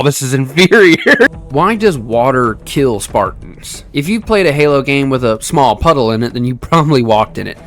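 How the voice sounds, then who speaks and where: A man in his twenties giving casual, chatty gaming commentary, laughing often as he explains. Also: medium pitch. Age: 20s. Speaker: gaming YouTuber.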